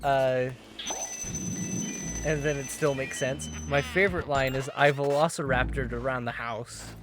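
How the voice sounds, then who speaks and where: A man's voice: mid-range voice, steady tone, a little slow. A man co-hosting a let's-play, joking around playfully in casual chat. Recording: game music playing behind.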